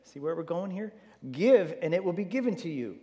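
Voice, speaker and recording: A man preaching in a church hall, his slightly high voice carrying a long tail of reverb. He talks with animated emphasis, tosses in jokey asides and repeats words as he restarts. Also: a little fast. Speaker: pastor. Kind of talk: sermon.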